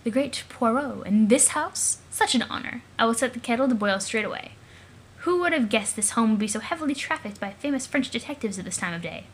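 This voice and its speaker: A woman's voice: fairly high pitch, animated, a little fast, a little hiss or hum, natural voice. A woman voicing a fussy middle-aged father with pompous, theatrical politeness.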